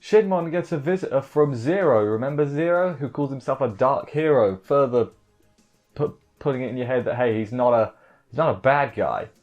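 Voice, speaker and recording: A man's voice: medium pitch, expressive, normal speed, darkish tone. Rambling man recapping anime over faint music. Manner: rambling, hesitant, with many fillers and self-corrections. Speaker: anime reviewer. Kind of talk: casual episode recap and commentary. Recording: dull lo-fi audio with faint music.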